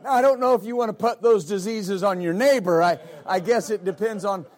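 A man's voice: high voice, a little fast. A male pastor preaching a sermon, emphatic and repetitive, often calling out amen. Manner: emphatic, repeats words, calls out amen.

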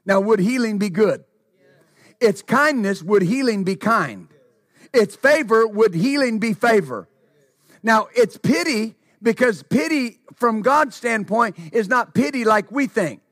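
A man preaching a sermon who repeats his phrases, asks the congregation questions and calls out hallelujah, stumbling over words when excited. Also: high-pitched, measured pace, no room sound, studio quality.

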